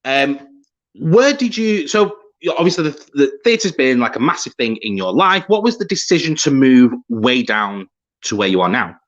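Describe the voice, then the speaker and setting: A man's voice: mid-range voice, big pitch swings, normal speed, highs cut off. A man hosting a casual podcast interview, enthusiastic and teasing his guest. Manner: enthusiastic, teasing, laughs a lot. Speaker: podcast host.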